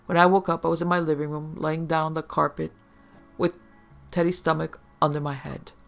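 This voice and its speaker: A man with a gravelly, creaky voice reads a first-person horror story in a steady, measured way. His voice sits a little higher than most men's. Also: faint music behind. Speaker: narrator.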